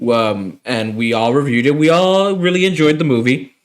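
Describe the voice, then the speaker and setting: A man's voice: medium pitch, moderate pace, smooth. A man co-hosting a podcast in easygoing casual chat. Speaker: podcast co-host.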